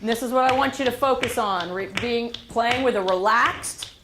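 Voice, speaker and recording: A woman teaching a school band class, giving brisk directions with frequent fillers. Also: on the high side, noisy background. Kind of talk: classroom instruction.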